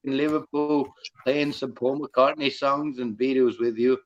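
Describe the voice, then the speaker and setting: A man's voice: mid-range voice, steady tone, measured pace. A man with an Australian accent hosting a casual group chat, rambling, apologetic and enthusiastic. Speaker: host of a live chat hangout. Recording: slightly dull audio with faint noise.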